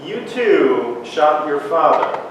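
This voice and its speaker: An actor as a measured police officer asking probing questions, with a lively rise and fall in the voice. It echoes from a distance across a hall with faint noise. It is a live stage play. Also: medium pitch.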